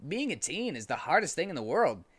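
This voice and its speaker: A man voicing a grieving, gentle mother in a comedic dramatic reading, speaking slowly, with mock solemnity. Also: a little high, sing-song. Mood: earnest. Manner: slow, earnest, mock-solemn.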